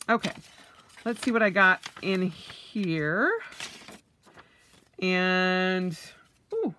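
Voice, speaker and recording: A woman's voice: fairly low pitch, expressive, slow pace, long pauses, bright, forceful tone. A woman vlogger, middle-aged, unboxing purchases in a casual vlog, gushing with oohs and yays.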